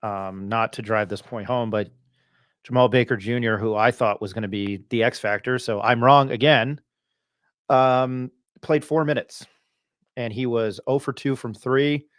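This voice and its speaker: A man's voice: medium pitch, fairly even intonation, unhurried, fairly bright tone, no echo, studio quality. Chatty man hosting a sports podcast. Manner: chatty, self-deprecating, rambling asides. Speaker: podcast host. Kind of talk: casual sports chat.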